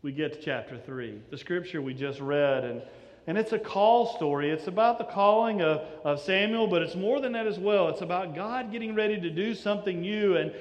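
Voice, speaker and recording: Man preaching in a big echoey church, higher voice, keeps going "and, and". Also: expressive, moderate pace, highs cut off. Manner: conversational, repeats words on restarts. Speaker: pastor. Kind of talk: sermon.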